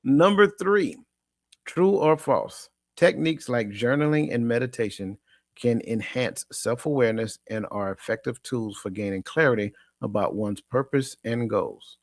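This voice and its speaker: A man hosting a coaching podcast in casual chat, animated and preachy, often repeating himself and laughing. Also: medium pitch, normal speed, dry recording, studio quality. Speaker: podcast host.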